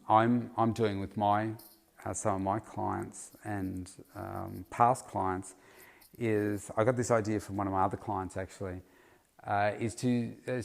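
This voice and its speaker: Man, somewhat low voice, casual rambling solo podcast, lots of fillers. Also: gravelly, darkish tone. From Australia. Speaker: podcast host, health coach.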